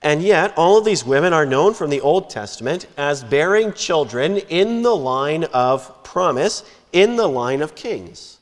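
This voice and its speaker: A man preaching a sermon in a measured, emphatic way, lifting and dropping his voice for stress. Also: on the high side, expressive. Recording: long hall reverb.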